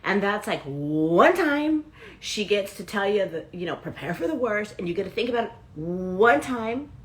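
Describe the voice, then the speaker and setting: A woman hosting a live motivational self-help talk, chatting directly with her viewers. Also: mid-range voice. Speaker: host and self-help coach.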